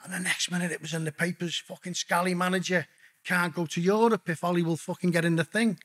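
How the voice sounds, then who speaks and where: This middle-aged man's voice is high and slightly bright, with fairly even intonation and a quick pace. As a podcast guest he tells stories bluntly and casually, swearing all the time and calling the host mate.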